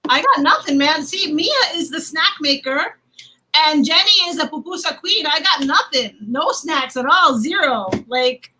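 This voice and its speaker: Bright high-voiced woman moderating. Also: lively intonation, measured pace, poor audio. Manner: chatty, laughing, playful. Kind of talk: casual livestream panel chat.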